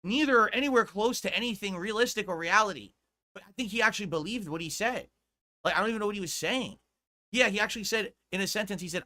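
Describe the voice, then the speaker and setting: A man rants in a played-back streaming clip. His voice sits a little high and rings bright and sharp, and he swears freely as his exasperation builds. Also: animated, quick pace. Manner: exasperated, profane, emphatic. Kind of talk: ranting commentary.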